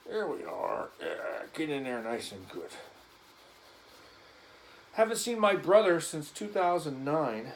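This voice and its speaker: A man's voice: mid-range voice, a little hiss or hum, rough recording. A man vlogging casually as he cleans a gun, rambling and joking in an offhand way.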